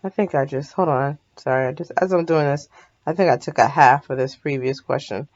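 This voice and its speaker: A woman's voice: deep voice, fairly quick, a little mellow, dull audio. A woman math teacher talking through a recorded lesson in a sleepy, yawning, casual way, often stopping to apologize and correct herself.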